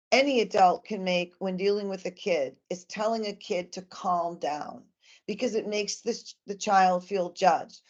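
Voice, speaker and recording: A woman's voice: medium pitch, darkish tone, highs cut off. A woman giving an earnest, emphatic presentation to parents about communicating with children.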